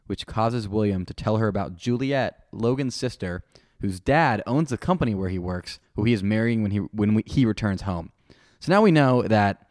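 A man's voice: fairly low pitch, darkish tone, dry recording, studio quality. A man co-hosting a podcast, recapping episode events in casual chat with a jokey, rambling manner. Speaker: podcast co-host.

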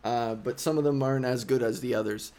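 A man's voice: medium pitch, steady tone, brisk, warm tone. A male comedian hosting a podcast alone, talking in a casual, rambling monologue, interrupting himself and swearing. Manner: rambling, self-interrupting, profane.

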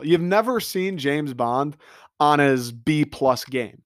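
A man delivering an excitable, profane comedic rant monologue, riffing with mock quotes. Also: on the high side, a little slow, dry recording, clean studio sound. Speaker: comedic commentator.

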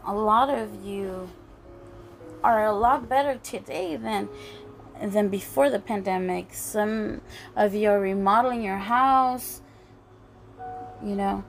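A woman preaching a sermon in an earnest, halting way, often restarting her phrases. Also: medium pitch, creaky. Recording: faint music behind.

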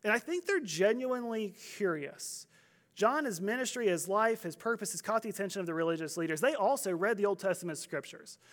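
A man's voice: high-pitched, expressive, fairly quick, fairly bright tone. A man preaching a sermon as pastor, in a conversational, storytelling way with humor.

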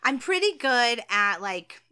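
A woman co-hosting and answering viewer questions in casual chat, laughing often and pausing on ums. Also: on the high side, sing-song, bright, forceful tone, clear, resonant tone. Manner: laughs often, hesitant with ums, self-deprecating.

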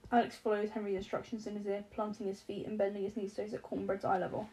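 A woman's voice: medium pitch, little pitch movement, fast, few pauses, mellow, slight background noise, low-quality recording. A woman narrating an audiobook with a wry, lightly comic delivery. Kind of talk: scripted narration.

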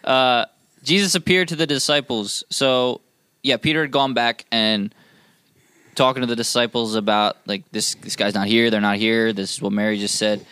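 A man's voice: mid-range voice, fairly even intonation, normal speed, bright, forceful tone, clear, resonant tone, no echo. A young man co-hosting a casual Bible discussion, easygoing and jokey as he reads passages aloud. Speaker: co-host.

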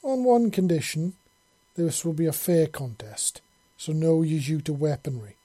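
A wry older fisherman brags and teases in a jaunty, raised voice, as a male narrator puts him on. The tone is mellow and a little husky. It sounds dry and close, like a home storybook reading. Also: on the high side, measured pace, no room sound. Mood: cocky. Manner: jaunty and boastful.

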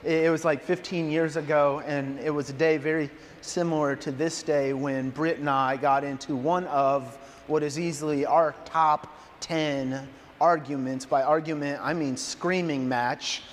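A man in his thirties preaching as a pastor, telling a story in a lively, self-deprecating way. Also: a little high, measured pace, slight background noise. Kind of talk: sermon with storytelling. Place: large church hall. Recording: reverberant hall, faint ambience.

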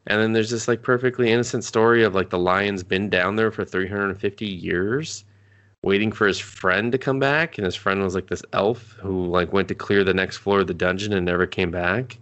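A man's voice: deep voice, fairly even intonation, normal speed, fairly bright tone. A man co-hosting a podcast, casually recapping an anime episode in a rambling way, swearing freely and laughing as he goes. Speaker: podcast co-host.

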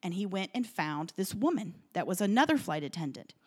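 Female podcast co-host, casual storyteller, emotional and animated, chatty with fillers, recorded at a home kitchen table. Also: on the low side, fairly quick, breathy edge.

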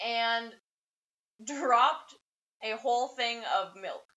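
A woman's voice: on the high side, takes it slowly, sharp tone. A young woman co-hosting a podcast, telling awkward stories about herself in casual chat. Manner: storytelling, self-mocking, laughing. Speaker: podcast co-host. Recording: slightly muffled lo-fi recording.

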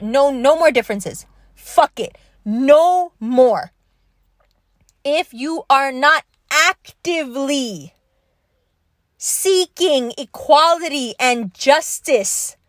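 Young woman, high-pitched, angry emphatic podcast host, dry close sound. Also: a bit bright, no echo. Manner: angry, emphatic, profane, repetitive. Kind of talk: impassioned monologue.

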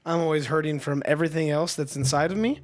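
Young man, high-pitched, crude, enthusiastic, says dude, casual podcast chat. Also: fast. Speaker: podcast co-host.

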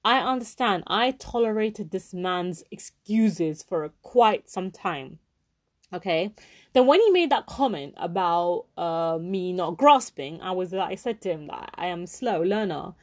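A woman's voice: lowish voice, lively intonation, unhurried. A woman, hosting a podcast and telling a heated personal story, swearing often and repeating herself for emphasis. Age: 20s. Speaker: podcast host. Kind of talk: angry personal rant.

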